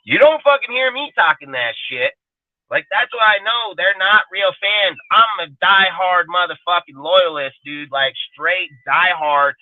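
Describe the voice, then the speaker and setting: Cussing guy ranting on a stream, kinda high voice, dry phone-y sound. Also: unhurried, dry recording, phone-quality sound. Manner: profane, blunt and emphatic. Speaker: fan show panelist. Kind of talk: heated live-stream rant.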